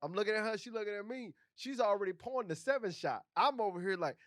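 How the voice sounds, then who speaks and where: A man co-hosting a podcast, telling a story in casual, animated chat, laughing often and swearing freely. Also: high voice, fast talker, no room sound, studio quality. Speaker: podcast co-host.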